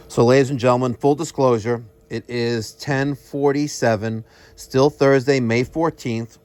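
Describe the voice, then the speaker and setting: A man hosts an HVAC job-site vlog, pitching the system he just installed in salesy, infomercial-style patter. The contractor and show host speaks at medium pitch in casual on-the-job talk, with no room sound.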